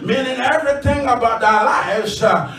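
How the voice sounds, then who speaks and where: A man preaches to a congregation in a church, speaking emphatically with lots of filler sounds and leading call-and-response. His voice is very high-pitched, pushed and bright, at a moderate pace. The recording is echoey and distant, with a slight hiss or hum.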